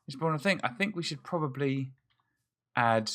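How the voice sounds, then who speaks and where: A man's voice: mid-range voice, lively intonation, normal speed, fairly bright tone. A man hosting a let's play, thinking aloud in chatty, self-mocking commentary as he plays. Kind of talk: casual gameplay commentary.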